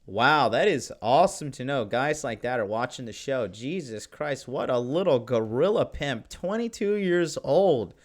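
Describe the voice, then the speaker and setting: A man hosting a live podcast, talking in a brash, profane and excitable way as he reads chat comments. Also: medium pitch, unhurried, few pauses. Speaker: podcast host. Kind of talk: casual live-stream talk.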